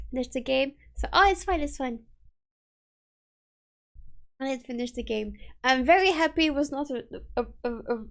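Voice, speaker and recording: A woman's voice: sits high, gravelly. A woman streamer chatting casually and giggling as she reads chat aloud from her home setup.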